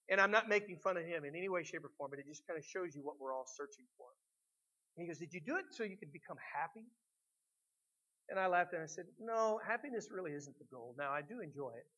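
A middle-aged man preaching a sermon as pastor, swinging between loud emphatic lines and quiet reflective ones. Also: a little high, muffled recording.

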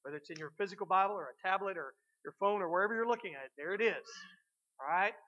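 A man preaching a sermon, swinging between loud emphasis and hushed asides, with many filler words. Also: sits high, fast, dull audio. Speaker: pastor.

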